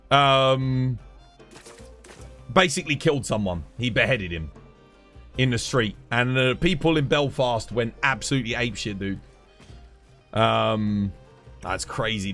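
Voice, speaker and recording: A man's voice: medium pitch, a bit bright. A British man streaming live, ranting in a heated, casual way, swearing often and calling his listeners "dude". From United Kingdom. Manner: heated, swears a lot, keeps saying "dude".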